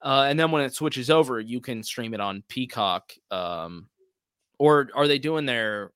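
A man's voice: mid-range voice, expressive, measured pace, fairly bright tone, clear, resonant tone, no room sound, studio quality. A man co-hosting a casual podcast, chatting in a rambling way with lots of fillers. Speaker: podcast co-host. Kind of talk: casual chat.

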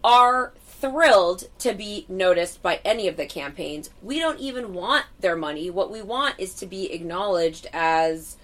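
A woman's voice: lowish voice, lively intonation, unhurried, hardly any pauses, a bit bright. Female podcast co-host, brash and sweary, casual storytelling. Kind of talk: casual chat.

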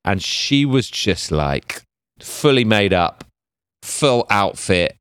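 Man, middle-aged, low voice, dry close sound, animated anecdote-teller, interview guest. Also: takes it slowly, clean tone, no room sound. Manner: lively storyteller acting out quoted voices. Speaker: executive producer, guest.

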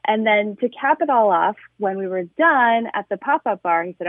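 A woman's voice: mid-range voice, lively intonation, normal speed, dry recording. Female caller over a tinny phone line, gushing storyteller, dry sound. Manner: enthusiastic, gushing. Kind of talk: telling a story on a call-in show.

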